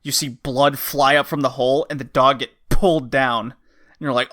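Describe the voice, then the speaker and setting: A man's voice: medium pitch, steady tone, moderate pace, sharp tone. A man hosting a podcast who chats casually about a game, rambling and acting out the characters' lines. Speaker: podcast host. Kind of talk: casual game review chat.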